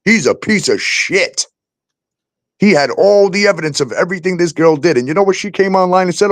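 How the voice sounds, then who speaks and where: A man's voice: high voice, lively intonation, brisk, no echo. A man hosting a talk show, ranting heatedly and swearing constantly about landlords and the police. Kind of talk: angry profane rant.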